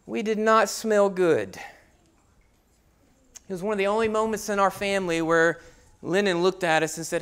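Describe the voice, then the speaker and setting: Animated high-voiced pastor telling a story. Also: male voice, moderate pace, pauses often, clean tone. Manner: animated storytelling, acts out shouts and hushed asides. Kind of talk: sermon with personal story.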